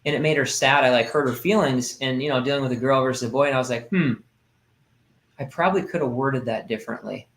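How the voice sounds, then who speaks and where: A man's voice: medium pitch, quick pace, fairly bright tone. A man in his thirties talking casually in a podcast conversation, rambling with lots of fillers and restarts. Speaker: podcast host. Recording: roomy echo.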